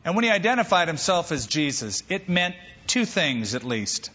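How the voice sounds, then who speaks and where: A man preaching a sermon as pastor, lively and animated, acting out quoted voices. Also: on the high side, moderate pace, slightly rough, in a large hall, dull audio.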